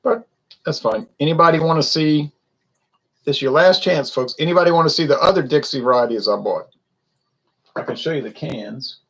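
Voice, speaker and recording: A man's voice: a little high, normal speed, pauses often, fairly bright tone, husky, poor audio. A man from Louisiana giving a casual, rambling beer review to viewers in a wry, self-correcting way. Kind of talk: casual solo livestream chat.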